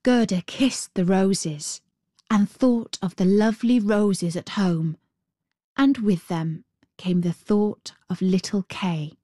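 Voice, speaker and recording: A woman reading a fairy tale aloud in a gentle, unhurried and expressive way. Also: medium pitch, no echo, studio quality. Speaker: storyteller.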